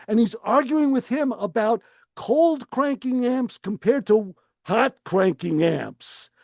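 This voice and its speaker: Animated man telling a story on radio. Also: high-pitched, no echo. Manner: animated storyteller acting out voices. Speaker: radio show co-host. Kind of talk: casual storytelling on talk radio.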